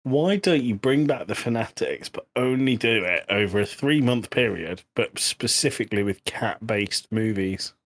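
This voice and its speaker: A man's voice: on the low side, lively intonation, normal speed, hardly any pauses. Young English man, joking banter. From England. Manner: jokey, teasing, swears casually. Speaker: podcast co-host. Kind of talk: casual banter.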